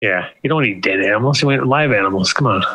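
A man co-hosting a casual podcast, tossing in quick jokey comments and questions. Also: fairly low pitch, bright, forceful tone, husky, dull audio. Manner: jokey interjections.

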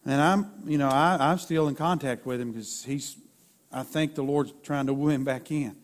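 A man's voice: mid-range voice, moderate pace. A man preaching a sermon in a folksy way, sketching stick figures and building to emphatic peaks. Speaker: pastor.

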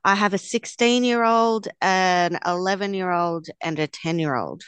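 Middle-aged female guest co-host, lowish smooth voice, earnest and firm. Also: a little slow, a bit bright, no echo. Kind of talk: casual podcast chat.

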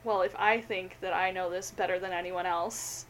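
A woman's voice: lowish voice, fairly even intonation, normal speed. Giggly young woman, gushing podcast chat. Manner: giggly, gushing, many fillers. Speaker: podcast co-host. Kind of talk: casual chat. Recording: faint background noise, lo-fi podcast audio.

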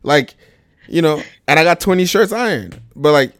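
A man's voice: a little high, animated, normal speed, a bit bright, no room sound, clean studio sound. A man hosting a casual talk radio show, laid-back and slangy, laughing often.

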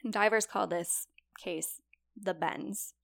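A young woman retells a true story to her co-host in a loose, chatty way, sprinkling in likes and you-knows. Her voice has a gravelly, fry-tinged texture. The recording is dry and close. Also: mid-range voice, fairly even intonation, slow pace, a bit bright, no room sound. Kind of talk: casual storytelling chat.

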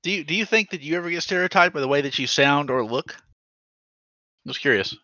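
A Southern-accented man chatting on a podcast with a bright, sharp voice pitched a little high. He jokes, swears and pokes fun at himself. The recording is dry and dull, a bit lo-fi. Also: lively intonation, a little fast, no echo. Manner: joking, swearing, self-deprecating. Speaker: podcast co-host. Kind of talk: casual chat.

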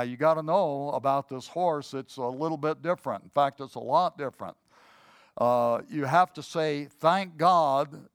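A male pastor gives a relaxed sermon, talking to his church as if in conversation, with plenty of "uh" and restarts. His voice sits at an ordinary middle pitch, and the sound is dry and close, with little room echo. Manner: conversational, with many fillers and restarts. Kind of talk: sermon with a told joke story.

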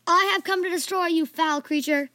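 Storybook role: woman voicing a loud, jumpy boy hero, high and bright. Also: big pitch swings, a little fast, no room sound. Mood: shouting. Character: excitable boy adventurer, loud and easily panicked. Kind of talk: storybook character voice.

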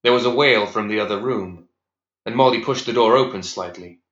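A man reading a dark story aloud in a measured, even storytelling voice. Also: lowish voice. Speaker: narrator. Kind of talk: scripted audiobook narration. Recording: echoey, slightly dull recording.

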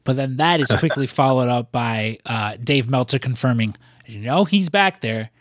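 A man's voice: mid-range voice, animated, moderate pace, no echo, clean studio sound. A man co-hosting a casual podcast, talking in a rambling way with lots of fillers and casual swearing. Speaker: podcast co-host.

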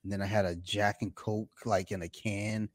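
A man's voice: lowish voice, little pitch movement, brisk, dry recording. A man hosting a podcast, telling stories in a rambling, laid-back way with lots of fillers. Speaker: podcast host. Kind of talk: casual chat. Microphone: home podcast mic.

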